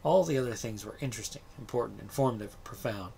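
A man reading a short story aloud in a steady, measured storytelling manner. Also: mid-range voice, creaky, slight background noise. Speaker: story reader.

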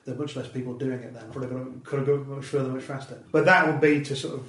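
A man's voice: medium pitch, fairly even intonation, racing, a bit bright. A middle-aged man from Britain, a comedian guest on a podcast, talking in a dry, rambling, self-deprecating way with many restarts. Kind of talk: casual podcast interview. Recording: roomy sound from a distant mic.

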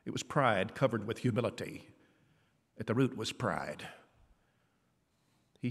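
A man delivering a conversational sermon as preacher, acting out quoted dialogue with lively shifts in voice. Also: breathy edge. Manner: conversational, acts out quoted dialogue with rising pitch. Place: church hall. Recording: long church reverb.

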